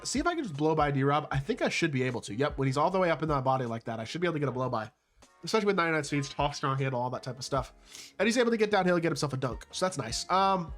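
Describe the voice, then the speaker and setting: Fast-talking young man commenting on gameplay. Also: on the high side, a bit bright. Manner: rambling, hedging with ums and rhetorical questions. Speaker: gaming YouTuber.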